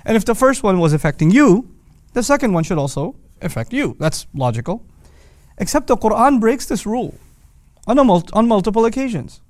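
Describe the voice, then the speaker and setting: A man's voice: high-pitched, sing-song, fairly quick, darkish tone, no room sound. A man hosting a casual lesson on the Quran, explaining grammar patiently with everyday examples and rising emphasis. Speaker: Quran teacher.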